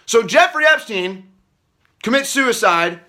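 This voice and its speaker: A man hosting political commentary, ranting angrily and profanely, repeating himself and swinging from a low mutter up to shouting. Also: animated, slow. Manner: angry, profane, repetitive rant.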